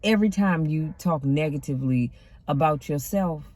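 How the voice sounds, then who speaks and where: A woman's voice: deep voice, moderate pace, darkish tone, no room sound. A middle-aged woman giving a casual motivational talk from inside a car, emphatic and conversational with a sassy, preacher-like edge. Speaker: deacon and motivational vlogger.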